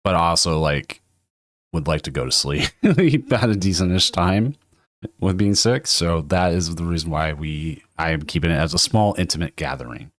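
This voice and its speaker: A man with a hoarse voice from a cold, hosting a casual tournament livestream and rambling with frequent laughs. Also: low voice, normal speed, a bit bright, no room sound, studio quality. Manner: rambling, self-interrupting, laughs often. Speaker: tournament stream host.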